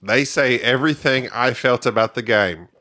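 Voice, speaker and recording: A man co-hosting a podcast, chatting casually about board games in an animated way and laughing often. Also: medium pitch, normal speed, a crowd in the background. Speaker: podcast co-host.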